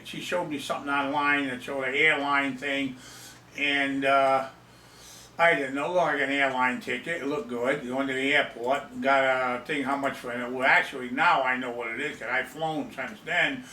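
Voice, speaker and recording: Rambling older man, bright, in an echoey room. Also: fairly high pitch, normal speed, distant mic, a little hiss or hum. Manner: rambling, self-mocking, repeats himself. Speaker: storyteller. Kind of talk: casual storytelling. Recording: echoey room, away from the mic.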